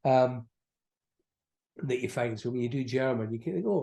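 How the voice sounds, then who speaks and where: A middle-aged actor from Aberdeen, Scotland, chats casually as an interview guest, rambling and restarting often. His voice is mid-range and creaky with a dark tone, at normal speed with frequent pauses.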